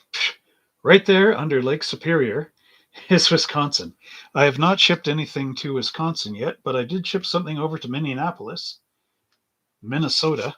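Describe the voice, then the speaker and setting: Chatty hobby-shop host. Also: male voice, medium pitch, fairly bright tone, breathy edge. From Canada. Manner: rambling, reads chat aloud, chuckles often. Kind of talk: casual live-stream chat.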